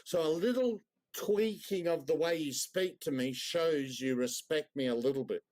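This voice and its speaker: A man on a video chat lecturing in deliberately enunciated words, then turning insulting. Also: fairly high pitch, darkish tone. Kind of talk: confrontational lecture.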